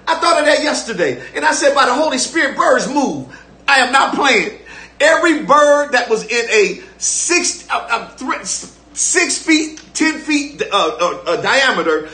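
A man's voice: sits high, bright, forceful tone, roomy sound. An older man preaching a live-streamed sermon as pastor, fervent and repetitive, calling on listeners to respond.

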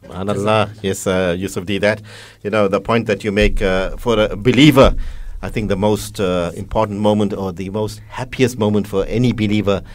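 A man conducting an interview, speaking in a measured, earnest way with frequent fillers. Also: lowish voice, steady tone. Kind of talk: interview questions and religious reflection.

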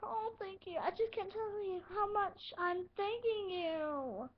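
A woman's voice: very high-pitched, takes it slowly, slight background noise, pitched above the performer's own voice. A woman voicing a bubbly female toy house guest who squeals and gushes. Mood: overjoyed squealing. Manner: squealing, gushing. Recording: muffled lo-fi home recording.

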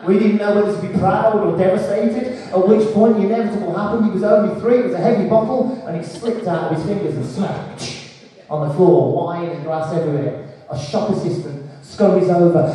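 A man's voice: sits high, fairly quick, warm tone. A man in his forties performing a stand-up comedy set, telling stories and acting out voices. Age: 40s. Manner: storytelling with acted-out voices. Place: comedy club stage. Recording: echoey hall from far off.

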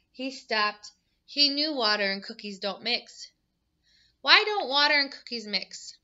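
A woman teacher reading a picture book aloud to children, animated and asking them questions. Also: on the high side, muffled recording. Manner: animated, asks the listeners questions.

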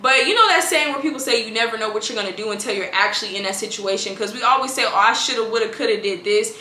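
Chatty, bright-voiced young woman vlogger. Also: fairly high pitch, quick pace, echoey room, slight background noise. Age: 20s. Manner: chatty, animated, acts out family members' lines. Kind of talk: casual storytelling vlog.

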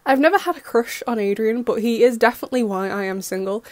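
A woman's voice: a little high, fast. Gushing young woman fan recapping. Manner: gushing, excitable fangirl chatter. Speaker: fan reaction host. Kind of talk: casual episode recap.

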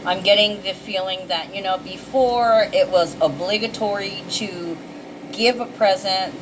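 Woman, casual tarot reader, emotional, chatty, salty language; mid-pitched voice. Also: noisy background. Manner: chatty and emotional, swearing freely. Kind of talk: casual intuitive card reading.

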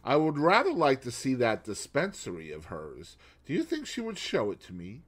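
A man's voice: mid-range voice, wildly swooping pitch, normal speed, a bit bright, husky, heavily acted. A man voicing a fussy middle-aged Belgian male detective, asking precise, probing questions.

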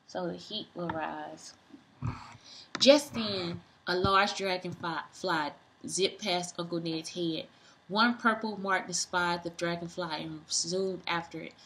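A woman reading a children's book aloud, doing sound effects and stopping for excited asides to young listeners. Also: lowish voice, measured pace, a little hiss or hum, rough recording.

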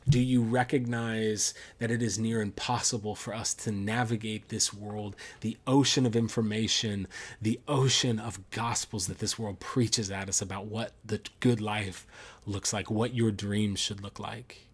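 A man's voice: on the low side, steady tone, unhurried, husky. A young man preaching to a youth group, earnest and sometimes restarting his words. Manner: earnest, with restarts, reads a story aloud. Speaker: youth pastor. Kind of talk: sermon. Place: church service streamed online.

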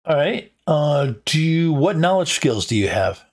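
A man narrating a tabletop game as game master at a live convention show, halting with many ums and restarts. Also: a little high, sing-song.

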